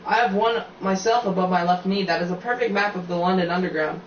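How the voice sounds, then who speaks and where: A wise old wizard headmaster speaks in a calm, measured, gentle way, as a man reading a storybook puts him on. His voice sits fairly high and comes from some distance in an echoey room with a muffled sound. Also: a little hiss or hum, close to an everyday voice.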